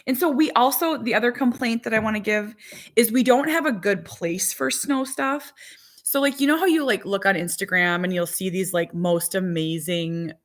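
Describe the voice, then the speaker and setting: A woman in her forties chatting casually to viewers as a vlogger and mother of four, rambling with lots of "like". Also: fairly low pitch. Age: 40s. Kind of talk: casual chat to live viewers.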